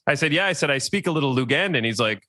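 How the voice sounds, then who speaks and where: A man co-hosting a podcast, telling stories in a relaxed, chatty way and laughing easily. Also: fairly high pitch, racing, dry recording. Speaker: podcast co-host. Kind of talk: casual chat.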